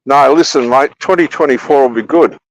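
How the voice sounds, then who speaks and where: A man's voice: medium pitch, fairly quick, no echo, low-quality recording. A man with an Australian accent, a guest on a livestream, chatting casually in a rambling, profane way that keeps repeating itself. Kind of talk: casual chat.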